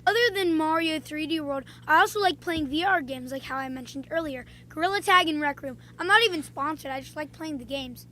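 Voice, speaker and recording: A woman talking casually in a vlog, telling playful stories with frequent pauses and "um"s. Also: high voice, pushed and bright. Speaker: video creator.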